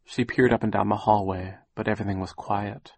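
A man reading a children's novel aloud as narrator, with measured, gently dramatic storytelling. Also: on the low side, steady tone, breathy edge, no echo. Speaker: audiobook narrator. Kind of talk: scripted narration.

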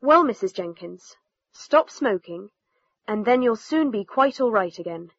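A woman reading the lines of a patient male family doctor in a textbook dialogue, in a measured, advising way. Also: on the high side, animated, breathy edge, no echo, exaggerated voice. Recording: dull lo-fi recording.

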